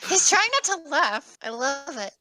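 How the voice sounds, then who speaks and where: Woman, movie commentary guest, teasing, bright, fairly high. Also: sing-song, measured pace, slight background noise.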